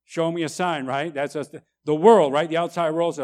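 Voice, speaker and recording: A man preaching a sermon, emphatic, tagging lines with "right?" and swinging between loud and quiet. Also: on the high side, a little slow. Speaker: pastor.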